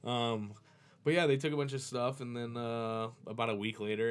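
A man's voice: medium pitch, steady tone, normal speed. A man from Florida, a professional kiteboarder, telling a story in a loose, profane, casual way and chuckling as he goes. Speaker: professional kiteboarder, podcast guest.

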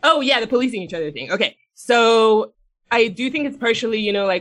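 A woman co-hosting a casual podcast, recapping a TV episode in a blunt, animated way, swearing a lot and laughing as she talks. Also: a little high, fairly quick. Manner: laughs often mid-sentence. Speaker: podcast co-host. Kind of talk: casual chat, retelling a TV episode.

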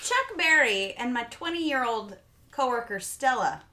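A woman on a casual podcast telling an animated anecdote, giggling as she talks. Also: a little high, unhurried. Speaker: podcast guest. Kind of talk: casual storytelling chat.

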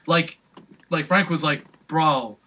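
A man's voice: medium pitch, fairly quick, pushed and bright, breathy edge, poor audio. A young man telling a rambling, profane story in casual chat, full of fillers and restarts.

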